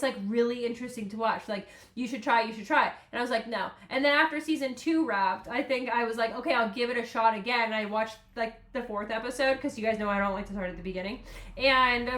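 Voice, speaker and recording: A woman's voice: fairly high pitch, fairly bright tone, roomy sound. A woman hosting a podcast, chatting casually and emotionally, rambling and laughing often. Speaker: podcast host. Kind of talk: casual solo podcast chat.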